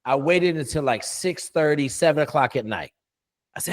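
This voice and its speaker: A man's voice: fairly high pitch, animated, brisk. A middle-aged man, a coach, telling a story in a casual interview, blunt and profane with lots of emphasis.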